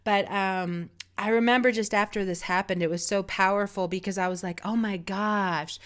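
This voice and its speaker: A woman's voice: mid-range voice, steady tone, brisk, smooth. A woman giving casual spiritual advice in a reflective, meandering, conversational way. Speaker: spiritual guide.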